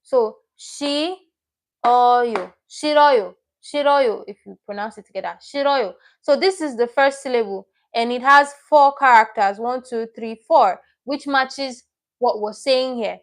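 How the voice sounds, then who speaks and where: Speaking at normal speed with a fairly high voice, a Korean teacher runs a lesson on livestream. Her explanations are patient and stepwise, and she repeats every word she teaches.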